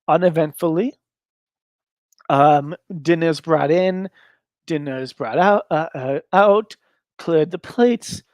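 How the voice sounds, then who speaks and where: A man's voice: fairly high pitch, no room sound. Rambling man narrating a solo game. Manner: rambling, many fillers.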